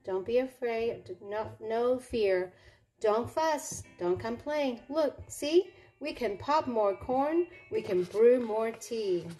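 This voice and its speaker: A woman's voice: a little high, expressive, slow, dark tone, soft background music, voice pushed up. A woman voicing a small kind mouse who speaks in a soothing, reassuring way.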